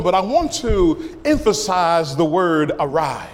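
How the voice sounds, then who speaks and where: A man preaching a sermon as a pastor, impassioned, rising into sung cries and dropping to hushed lines. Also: fairly high pitch, big pitch swings, slow pace, few pauses, big-room sound.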